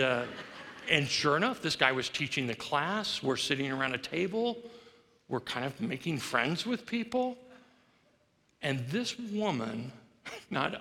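A man's voice: medium pitch, bright, forceful tone. A middle-aged male pastor preaching a sermon, telling a story with humor and self-deprecation. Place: church sanctuary. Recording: long reverb of a large church hall.

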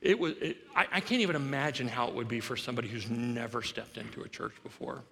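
Bright-voiced middle-aged male pastor in a reverberant hall. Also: medium pitch, quick pace, vocal fry. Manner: humorous, self-deprecating storytelling. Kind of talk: storytelling sermon. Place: church sanctuary. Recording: long reverb of a large church hall.

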